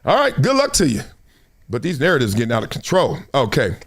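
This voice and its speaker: This middle-aged host from Compton, Los Angeles runs an energetic sports talk live stream, full of laughter and impressions of people he quotes. His pitch is medium and his delivery brisk.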